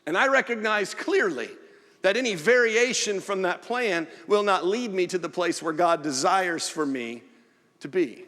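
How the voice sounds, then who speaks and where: High-voiced preacher in a reverberant church hall. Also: male voice, animated, measured pace, a bit bright. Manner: earnest preaching with acted-out asides. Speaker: pastor. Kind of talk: sermon. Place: church sanctuary.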